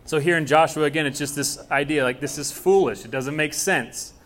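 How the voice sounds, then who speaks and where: Young male pastor, conversational sermon delivery with acted dialogue, slightly high-pitched. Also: brisk, fairly bright tone, a little hiss or hum.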